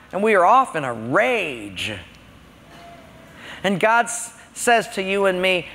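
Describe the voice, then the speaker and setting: A man's voice: fairly high pitch, pushed and bright. A man preaching a sermon in a conversational, storytelling way. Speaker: pastor. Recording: long hall reverb.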